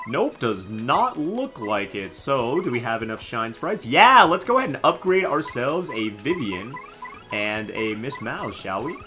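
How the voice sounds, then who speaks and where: Goofy, lively young male game streamer. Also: medium pitch, unhurried, faint music behind. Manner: goofy, joking, slangy. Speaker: gaming streamer. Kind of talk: casual live let's-play commentary.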